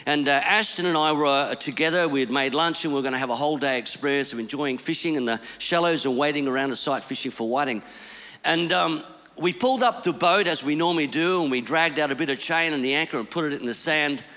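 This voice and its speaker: A man preaching a storytelling sermon, swinging between hushed lines and shouted ones. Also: on the high side, fast, big-room sound.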